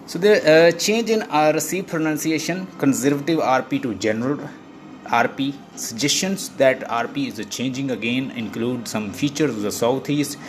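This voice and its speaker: A man teaching an online lesson, restating each point in several ways and often pausing on "uh" and "you know". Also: medium pitch, a little hiss or hum. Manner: explains by repeating points, with many fillers like uh and you know. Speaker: English teacher. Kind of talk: online lecture.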